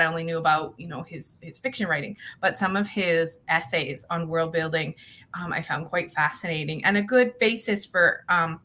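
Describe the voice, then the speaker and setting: A woman's voice: on the low side, sharp tone. A woman hosting a podcast, talking conversationally with fillers. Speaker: podcast host. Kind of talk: podcast interview.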